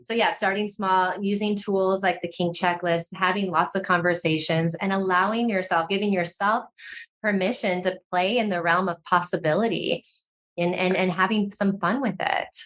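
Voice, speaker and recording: A woman speaking as a podcast guest, expressive and animated, with lots of "like" fillers. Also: medium pitch, moderate pace. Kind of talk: conversational podcast interview.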